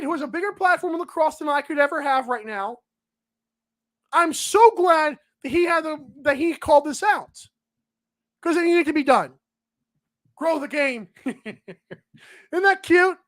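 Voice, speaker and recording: Male solo podcast host with a high-pitched voice; emphatic, sarcastic ranting. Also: expressive, normal speed, fairly bright tone. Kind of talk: solo sports podcast commentary.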